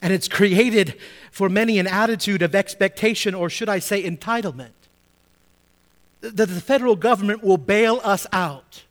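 A man preaching a sermon as a pastor, emphatic, repeating key phrases and swinging between soft asides and loud stresses. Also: high-pitched, normal speed.

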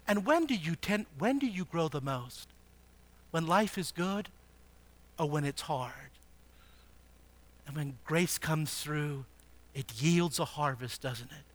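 A man preaching a sermon, asking the congregation rhetorical questions and swinging between hushed, slow passages and loud, emphatic ones. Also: fairly high pitch, lively intonation. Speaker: pastor.

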